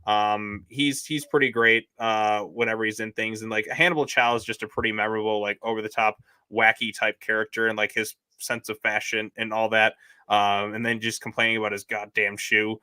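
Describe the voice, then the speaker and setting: A man's voice: lowish voice, flat delivery, a little fast, pushed and bright, smooth, no echo. A man co-hosting a casual movie review podcast, rambling with lots of "like" and "um". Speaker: podcast co-host.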